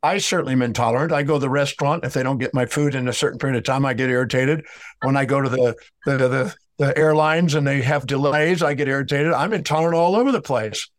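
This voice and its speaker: A man's voice: medium pitch, fast, no echo. A man telling a story in an interview, lecturing emphatically and acting out both sides of a dialogue. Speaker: speaker on emotional healing.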